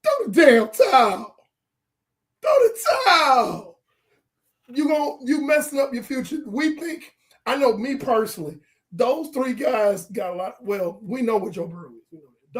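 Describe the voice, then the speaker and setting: A man co-hosting a casual sports podcast, joking and acting out movie scenes in an animated way. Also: very high-pitched, moderate pace. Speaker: podcast co-host.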